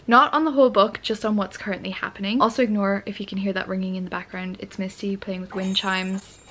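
A young woman talks straight to camera in a casual vlog from home. She gushes, swears freely and lets her emotions run high. Her voice sits at a middle pitch. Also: a bit bright. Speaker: book vlogger.

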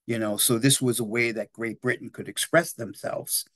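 A man in his sixties gives a relaxed history lecture, talking in a chatty, digressive way. He keeps tagging his points with quick check-ins to the room, and his voice sits at a medium pitch. The sound is dry and close, with little room echo. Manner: chatty and digressive, often tags "right?" and "you know".

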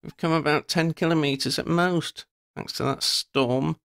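A brave young witch speaks in a plain, matter-of-fact way, as a man reads her aloud. The storybook voice sits above the reader's own pitch and sounds close and dry. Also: steady tone, unhurried, vocal fry, a bit bright, smooth, no echo.

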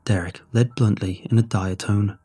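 A man's voice: on the low side, fairly even intonation, moderate pace, warm tone, breathy edge, faint music behind. A man narrating a horror story in the first person, in a tense, scripted reading.

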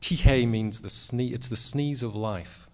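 New Zealand man, low voice, self-deprecating panel guest. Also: unhurried. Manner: self-deprecating, wry, chatty with many fillers. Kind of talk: panel conversation. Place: convention panel room.

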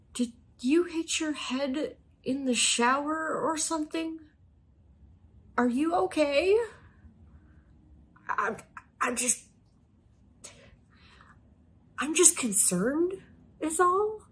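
A woman's voice: high voice, very animated, takes it slowly, long pauses, pitched above the performer's own voice, full character voice. Woman doing a baffled, stammering coworker. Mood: concerned. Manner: hesitant, stammering, concerned. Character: baffled tired young woman coworker wanting coffee.

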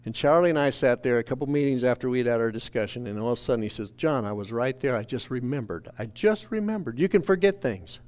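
A man's voice: mid-range voice, expressive, fast talker, few pauses. A man from a church staff telling an earnest, emotional testimony in a sermon. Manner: earnest storytelling, rising to shouted quotes.

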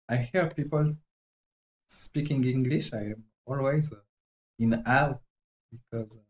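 Halting French-accented man chatting. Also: medium pitch, darkish tone, rough recording. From France. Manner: halting and chatty, often searching for words. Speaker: animator streaming live. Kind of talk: casual live-stream chat while drawing.

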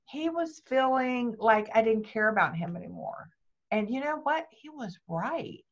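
A woman's voice: fairly high pitch, measured pace. An older woman, a grandmother, speaking as a guest and telling personal stories, acting out what people said. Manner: lively, acts out quoted dialogue. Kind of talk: personal storytelling interview. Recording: dull lo-fi sound.

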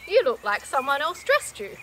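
A woman's voice: sits high, huge pitch swings, moderate pace, noisy background, voice pushed up. A woman voicing a blunt, teasing elderly woman who pokes fun at her friend. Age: older.

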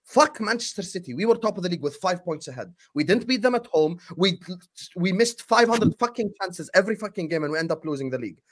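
A man with a notably high-pitched voice rants about his football club on a fan panel show. He swears freely and sounds fed up. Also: expressive, quick pace. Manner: ranting, profane, exasperated. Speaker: football pundit, Liverpool fan. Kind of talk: heated fan panel talk.

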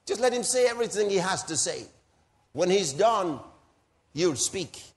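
Male preacher, raised pitch, teasing and laughing through a lively sermon. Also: moderate pace. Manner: animated, teasing, laughs often; swings between soft asides and loud exclamations. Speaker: pastor.

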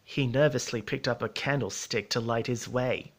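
A man narrating a storybook in a measured, steady reading voice. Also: medium pitch.

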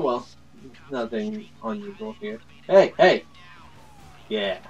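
A man doing let's play commentary, excitable and laughing, yelling at his teammates. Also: on the high side, slow, vocal fry, long pauses, distant mic, faint music behind. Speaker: gaming YouTuber.

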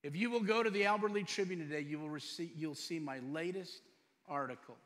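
A middle-aged man preaching a sermon as pastor, firing off rhetorical questions and moving between loud emphatic lines and quiet storytelling. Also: on the high side, brisk. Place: church sanctuary. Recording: long hall reverb.

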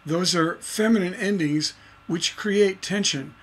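A middle-aged man leads a livestreamed songwriting lesson. His voice sits a touch high. He explains in a rambling way, full of "uh" and restarts, and he breaks into sung nonsense syllables to show rhythms. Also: a little slow, a bit bright, husky. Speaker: songwriting instructor.

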